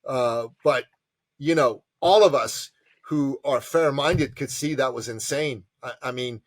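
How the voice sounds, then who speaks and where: A man, an entrepreneur advisor and podcast guest, telling stories with passion and emphasis and acting out quotes in lively voices. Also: mid-range voice, unhurried, no room sound. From immigrant to Canada from a tyrannical country. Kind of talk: animated storytelling interview.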